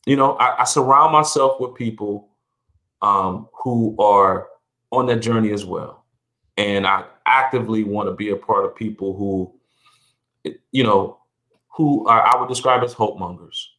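Middle-aged male guest, somewhat low voice, earnest and reflective, given to repeats. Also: a little slow, bright, forceful tone. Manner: earnest, repeats words and restarts, rises in pitch when stressing points. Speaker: podcast guest. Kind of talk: reflective conversational interview.

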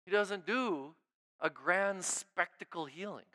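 A male pastor giving an informal, conversational sermon. He often checks in with his listeners by asking "right?", restarts his phrases, and moves from emphatic, raised lines to quiet, hushed ones. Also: high voice, slow. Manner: informal preaching, frequent "right?" check-ins and repeated restarts; swings between emphatic raised lines and hushed near-murmurs.

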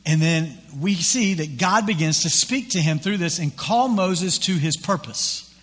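A man preaching a sermon as pastor, retelling scripture in a conversational, animated way with acted-out quotes. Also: on the high side, unhurried, long reverb tail.

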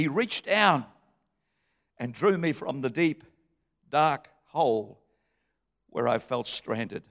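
A middle-aged pastor with a notably high voice gives a heartfelt sermon. He tells personal stories, sinking to soft tones and then lifting again. His words ring out with a long, echoing reverb in a church hall. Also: expressive, slow pace, pauses often. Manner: heartfelt storytelling, dropping soft then rising.

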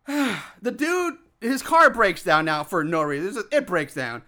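Brief: male podcast co-host, high and bright-toned, ranting about a movie, swears a lot, fed up. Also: very animated, unhurried. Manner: exasperated, profane ranting. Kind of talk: casual chat.

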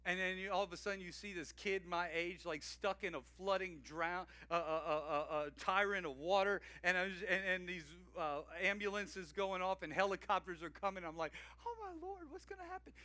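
A man in his forties preaching a sermon in a lively, conversational way, laughing often and breaking into loud, playful exclamations. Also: high-pitched, moderate pace, few pauses. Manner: energetic, conversational, laughs often, shouts greetings. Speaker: pastor.

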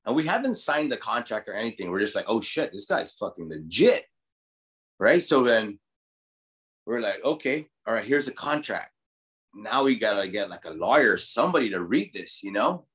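A man from Guam with a slightly low voice tells stories in a laid-back interview. His speech is loose and profane, and he fills it with "like" and "you know." He sounds like a restaurant owner talking shop. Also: very animated, moderate pace, a bit bright. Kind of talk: casual storytelling interview.

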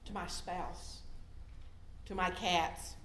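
A middle-aged woman giving a sermon in a conversational way, swinging from loud emphasis down to soft, hushed tones. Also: on the low side, fairly even intonation, slow, echoey room, a little hiss or hum. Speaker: lay preacher.

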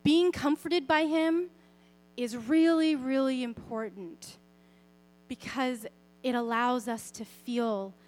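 A young woman giving a personal faith talk, speaking expressively and conversationally, often softening to a quiet, gentle tone. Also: medium pitch. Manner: conversational, with fillers and self-corrections. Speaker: Christian speaker sharing a parenting story.

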